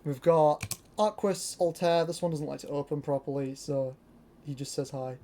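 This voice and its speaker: A young adult from Britain, a toy collector chatting casually through a show-and-tell, excitable and rambling with lots of fillers. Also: mid-range voice, moderate pace, a little hiss or hum.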